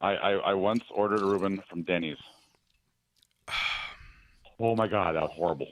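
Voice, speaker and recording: An American man calling in to a podcast, chatting casually and pausing with hesitations. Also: sits low, slight background noise. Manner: relaxed storytelling with hesitations. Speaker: caller. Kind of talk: casual call-in chat.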